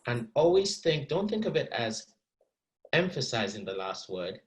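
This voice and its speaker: A man teaching an acting masterclass, talking in an animated, encouraging way and repeating words as he thinks. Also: mid-range voice, moderate pace, poor audio. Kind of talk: masterclass coaching.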